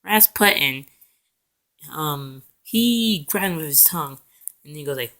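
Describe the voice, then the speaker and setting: A man's voice: fairly high pitch, expressive, sharp tone. A young man retelling a cartoon episode casually, rambling with fillers and self-corrections, and briefly acting out the characters' lines. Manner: acts out characters' lines in quick voices. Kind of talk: casual recap.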